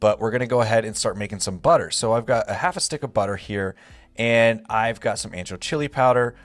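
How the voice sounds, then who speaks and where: A young man hosting a home cooking video, walking through each step in a relaxed, chatty way. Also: fairly low pitch, brisk, no room sound. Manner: relaxed, step-by-step instructions with frequent "gonna go ahead". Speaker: home cook and channel host. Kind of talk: casual cooking walkthrough. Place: home kitchen.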